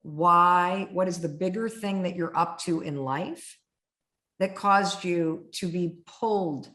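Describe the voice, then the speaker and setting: A middle-aged woman hosting an interview, telling stories in an animated, vivid way. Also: on the low side, takes it slowly. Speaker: host. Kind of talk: conversational interview. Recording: roomy echo.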